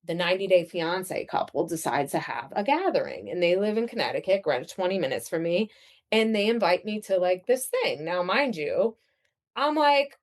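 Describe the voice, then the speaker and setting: A woman in her thirties tells her own story as a podcast guest, with lots of fillers and a casual flow. Her voice sits on the low side for a woman, and her pitch swings widely as she talks. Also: moderate pace. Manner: chatty, animated, lots of fillers.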